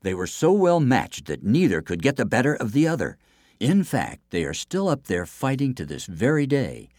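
A man narrating a children's folk tale in an expressive storybook style. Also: medium pitch, normal speed, no echo, studio quality. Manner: expressive, lively reading aloud.

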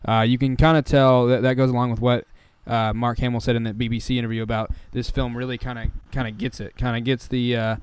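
A man's voice: medium pitch, little pitch movement, quick pace, hardly any pauses, clean tone. A man hosting a casual podcast, talking hesitantly with lots of fillers and hedges. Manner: hesitant, full of fillers and hedging. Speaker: podcast host.

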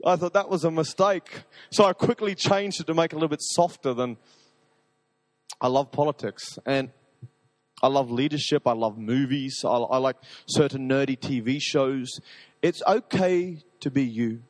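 A man preaching a sermon to a live audience, talking in an energetic, rambling, enthusiastic way. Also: medium pitch, moderate pace, in a large hall.

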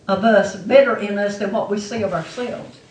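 A woman's voice: mid-range voice, steady tone, normal speed, darkish tone. Woman preaching in an echoey church. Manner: testifying preacher, emphatic and repetitive. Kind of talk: sermon. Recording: echoey room, mic far off.

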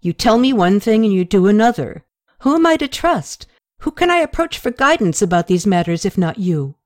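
In an audiobook, a woman voices a young woman hailed as a goddess, firing off pointed, exasperated questions. Her mid-range, darkish voice swings widely in pitch at a moderate pace, set a little above her natural register yet close to everyday speech. The studio recording is clean, with no room sound.

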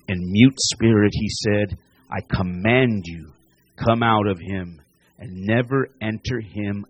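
A pastor delivering a sermon and altar call, repeating phrases and rising to near-shouts as he preaches. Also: lowish voice.

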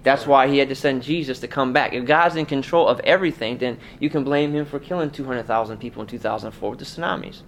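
Man, pastor, conversational sermon, rhetorical questions, mid pitch, faint background noise. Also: fast talker, few pauses.

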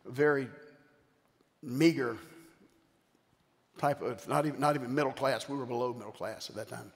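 An older man, a bishop, preaching a sermon with animated storytelling and call-outs to the congregation. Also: medium pitch. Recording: long hall reverb.

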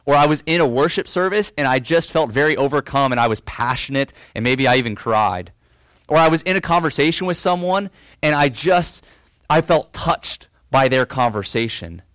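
A man delivering a sermon with earnest conviction, mid-pitched and recorded dry and close. He poses rhetorical questions and sinks low and quiet on the solemn points. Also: lively intonation, moderate pace, dry recording. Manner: earnest preaching with rhetorical questions and quoted voices. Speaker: pastor.

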